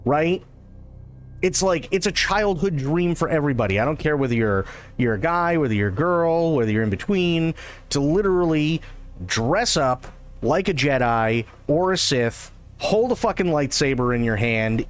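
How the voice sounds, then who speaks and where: A man's voice: a little high, expressive, normal speed. A man ranting profanely in casual live-stream chat.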